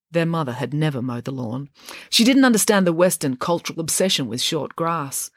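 A woman reading a children's story aloud with a wry, expressive delivery. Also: low voice, brisk, dry recording, clean studio sound. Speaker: narrator.

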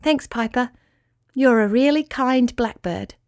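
A woman's voice: a little high, unhurried. Woman doing a tiny eager spider girl. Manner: bright, eager and sweet. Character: tiny cheerful female spider, timid but brave.

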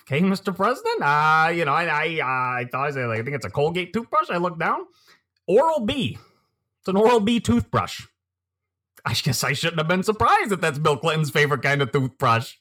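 A man doing a corny stand-up comic who rambles and stammers through a story, his voice bright and swooping all over. He is all self-promotion in this comedy podcast sketch. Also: a little high, big pitch swings, normal speed, exaggerated voice. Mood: rambling.

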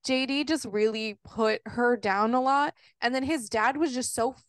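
A woman co-hosting a casual book club podcast, frank and quick to laugh. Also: on the high side, no echo. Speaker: podcast co-host.

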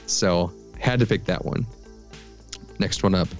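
A man's voice: low-pitched, a little slow, long pauses, soft background music. A man co-hosting a podcast and running a quiz game, playful and teasing, on a remote call. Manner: playful, teasing, slips into silly voices. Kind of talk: casual chat, quiz hosting.

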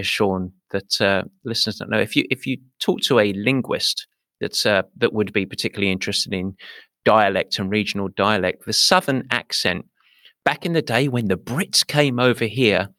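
Bright, chatty English man. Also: lowish voice, no room sound, studio quality. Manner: chatty, repeats words while thinking, laughs easily. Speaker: podcast host. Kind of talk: casual conversational interview.

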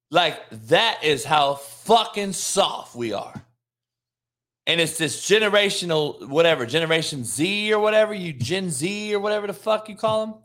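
A man's voice: on the high side, fairly bright tone. A middle-aged man hosting a live sports show, ranting in a heated, profane way, mocking his chat and laughing between lines. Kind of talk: live-streamed sports rant.

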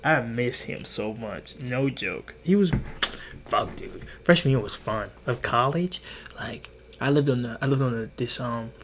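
A mid-range male voice, a little slow, comes with a bit of hiss or hum. The speaker is a young podcast host in his twenties who tells rambling, profane stories in casual chat, often restarting and acting out quotes.

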